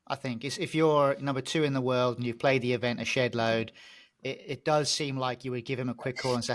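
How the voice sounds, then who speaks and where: A man co-hosting a podcast, giving his opinions in a measured, conversational way. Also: medium pitch, steady tone. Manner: measured, opinionated, with small restarts. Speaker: podcast co-host. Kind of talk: casual podcast chat.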